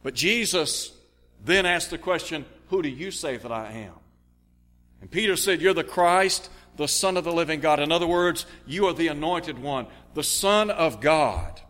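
Male radio preacher, earnest expository delivery, slightly high pitch, reverberant hall sound. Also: expressive, moderate pace, a bit bright. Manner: earnest Bible exposition, reading scripture aloud. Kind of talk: radio sermon.

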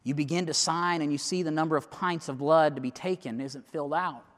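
A high-pitched male preacher tells a dramatic story from the pulpit, his voice swinging from loud urgency down to hushed near-whispers. The sound carries a long reverb, as in a large church sanctuary. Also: steady tone, brisk. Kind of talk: sermon illustration told as a story.

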